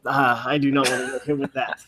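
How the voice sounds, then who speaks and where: A man's voice: medium pitch, level tone, a little fast, background noise. A man chatting on a sports podcast, joking loosely with lots of "like". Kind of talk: casual sports podcast chat.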